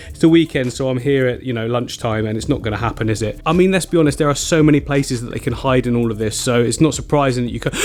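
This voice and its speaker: Excitable man chatting about fish. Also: mid-range voice. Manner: chatty and excitable, laughs often. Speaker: aquarium vlogger. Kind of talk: casual vlog narration.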